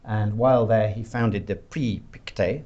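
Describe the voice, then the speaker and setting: A man introduces the speakers at a talk, stopping often on ums and uhs. His voice is low and mellow, and the recording sounds dull and muffled with a faint hiss underneath. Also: fairly even intonation, measured pace. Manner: hesitant, full of um and uh. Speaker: event host introducing speakers.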